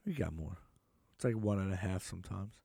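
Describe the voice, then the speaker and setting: A man's voice: low voice, moderate pace, gravelly, dark tone, husky. A man co-hosting a podcast, talking in crude casual banter, rambling and swearing, laughing often. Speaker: podcast co-host.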